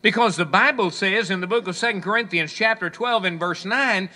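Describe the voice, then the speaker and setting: A man preaching a sermon, quoting scripture and acting out people's complaints, swinging between loud proclamations and hushed asides. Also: high-pitched, fairly quick. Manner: preaching, quotes scripture, voices the complaints of listeners.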